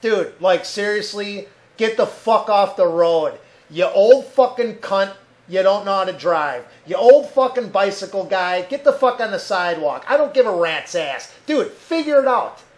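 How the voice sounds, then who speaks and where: A man rants angrily on a desk mic, his voice pitched high. He swears constantly and slips into mocking impressions of other people. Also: expressive, a little slow. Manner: angry, profane, loud ranting with mocking voices. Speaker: podcast host. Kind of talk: solo rant podcast. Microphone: desk mic at a computer.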